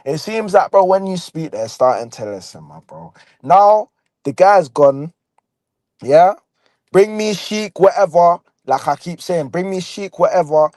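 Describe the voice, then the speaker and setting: A young man, speaking in a fairly high voice and piling on slang with constant "bro" and "you understand". His delivery is animated and insistent. The sound is dry and close, as if from a call mic. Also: normal speed, hardly any pauses, no echo. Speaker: guest fan. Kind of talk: excited casual football chat.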